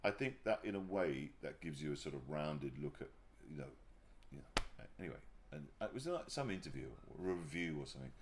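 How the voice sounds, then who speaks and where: A man talking candidly as an interview guest, often pausing and restarting his sentences before warming into animated storytelling. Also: very deep voice, a little hiss or hum. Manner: halting, restarts sentences, then grows animated telling anecdotes. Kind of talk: casual reflective conversation. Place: livestream conversation.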